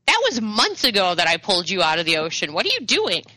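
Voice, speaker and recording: A blunt old healer woman with a dry, unimpressed way of talking, played by a woman. Her voice is very bright, and the recording is close and dry. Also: medium pitch, wildly swooping pitch, fast, no room sound, exaggerated voice.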